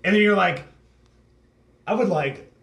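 A man co-hosting a podcast, talking crudely and loudly, laughing often and mimicking people. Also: high-pitched, measured pace, creaky, echoey room. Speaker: podcast co-host. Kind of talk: crude casual chat.

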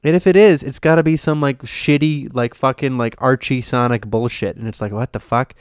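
A man's voice: mid-range voice, a little fast, clear, resonant tone, no room sound, clean studio sound. A man co-hosting a casual podcast, ranting and swearing a lot. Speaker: podcast co-host. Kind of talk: casual chat.

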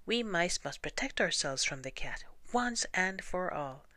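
A woman's voice: lowish voice, lively intonation, a little slow, pushed and bright, no echo, pitched above the performer's own voice. A woman voicing a proud, clever young male mouse in a storybook reading, sounding eager and self-assured, often half-whispered. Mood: determined.

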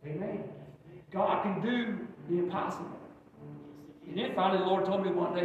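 A high-pitched man preaching a folksy sermon, calling for amens from the pews. His voice rings through a very echoey church hall, caught from far off the mic with faint music underneath. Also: fairly even intonation, moderate pace, narrow, tinny audio, slight background noise. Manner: folksy, preachy, call-and-response. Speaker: pastor. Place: church sanctuary.

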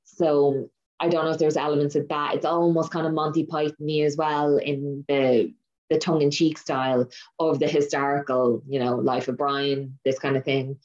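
Low-voiced woman rambling excitedly about a movie, muffled lo-fi sound. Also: moderate pace. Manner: animated storyteller, laughs often. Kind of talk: casual chat.

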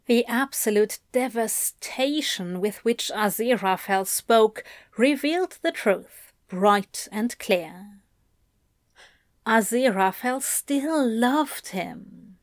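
A woman reading a story aloud in a slow, careful, intimate way. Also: fairly high pitch, expressive, no room sound, studio quality. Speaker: reader. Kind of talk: audiobook narration of fan fiction.

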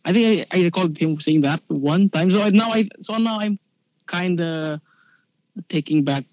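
A man with a Filipino accent, a podcast guest who speaks hesitantly, stammering and filling pauses with uh and um. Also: high-pitched, a little mellow, dry recording, low-quality recording. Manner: hesitant, stammering with many fillers. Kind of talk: casual podcast chat.

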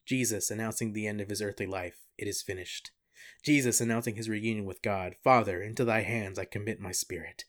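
A young man co-hosting a podcast, joking and laughing often, reading an answer aloud with deadpan asides. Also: fairly low pitch, fairly quick, hardly any pauses. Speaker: podcast co-host. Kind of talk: casual comedic chat, reading an answer aloud.

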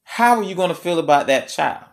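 A man preaching a sermon in a conversational way, repeating key lines slowly for emphasis. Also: on the high side, animated, gravelly.

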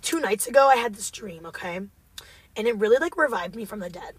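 A woman's voice: medium pitch, brisk, slightly rough, dry recording. A young woman hosting a podcast, chatting casually and telling stories with giggles. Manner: giggly, animated storytelling. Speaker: podcast host. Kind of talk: casual chat.

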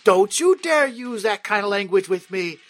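A man voicing a furious young wife who yells scornful insults back at her husband. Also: high voice, animated, moderate pace, faint music behind, pitched above the performer's own voice. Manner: yelling insults.

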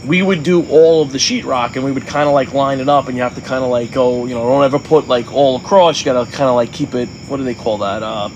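A man's voice: mid-range voice, fairly even intonation, fast, few pauses, darkish tone, highs cut off, slight background noise. A man co-hosting a podcast, telling rambling stories in casual chat, full of fillers and swearing. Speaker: podcast co-host.

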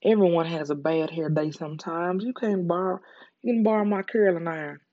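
A Southern US reader puts on a worldly, condescending young starlet, her lines drawn out and airy. The voice stays mellow and soft, fit for ASMR story reading. The recording is dry and dull, like a lo-fi track. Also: medium pitch, steady tone, fairly quick, no echo, close to an everyday voice. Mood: patronizing.

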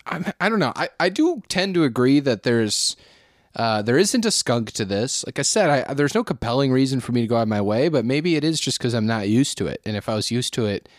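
A man's voice: medium pitch, big pitch swings, fairly quick, no room sound, studio quality. A man co-hosting a casual beer podcast, rambling and swearing, often chuckling. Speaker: podcast co-host.

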